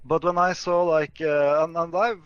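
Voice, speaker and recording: A man's voice: on the high side, steady tone, moderate pace, clear, resonant tone, no echo, dull audio. A man in a casual argument who answers hesitantly and defensively, with many fillers and restarts.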